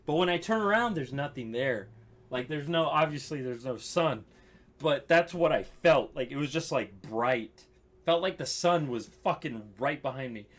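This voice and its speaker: A man's voice: medium pitch, lively intonation, normal speed. A young man casually telling a story, laughing often, swearing and saying "like" a lot.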